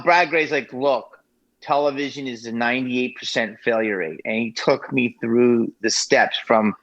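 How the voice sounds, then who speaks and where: A middle-aged man as a guest on a casual podcast, talking in a quick, loose way and swearing offhandedly. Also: medium pitch, a bit bright, lo-fi sound. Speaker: guest, comedian and show creator. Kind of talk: casual interview chat.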